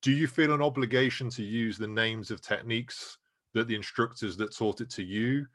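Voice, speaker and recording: A man's voice: medium pitch, fairly even intonation, moderate pace, a bit bright, no echo, clean studio sound. A man co-hosting a casual martial arts discussion, agreeing and posing questions to the others. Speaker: martial arts show co-host.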